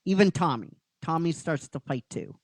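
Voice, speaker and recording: A man casually retelling a story as a show host, halting and restarting, with the occasional swear word. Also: fairly high pitch, animated, dry recording, low-quality recording.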